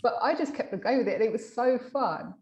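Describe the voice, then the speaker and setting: A woman hypnotherapist in a casual interview, telling a client story with lively acted-out quotes and frequent restarts. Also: on the high side, brisk, muffled recording. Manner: animated, acts out quoted dialogue; many fillers and restarts. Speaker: hypnotherapist guest.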